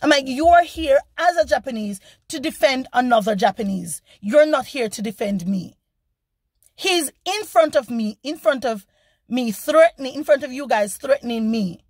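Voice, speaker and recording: A woman vlogger telling a story in a casual, animated and indignant way, acting out the people she quotes. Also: high voice, moderate pace, dry recording.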